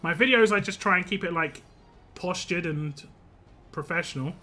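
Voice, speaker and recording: A man's voice: high voice, normal speed, pushed and bright. A young man streaming a game live, chatting casually with viewers, rambling and laughing often.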